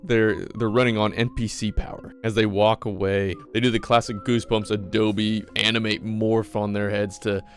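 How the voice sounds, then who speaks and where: A man's voice: fairly low pitch, flat delivery, normal speed, few pauses, faint music behind. A young man rambling and joking through a casual comedic recap, with frequent restarts. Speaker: commentator recapping an episode.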